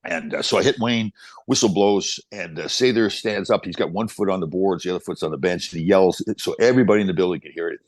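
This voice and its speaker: A man in his sixties, a podcast guest telling animated stories with quick restarts. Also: low-pitched, dry recording. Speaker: podcast guest, former pro hockey player. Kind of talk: casual storytelling interview.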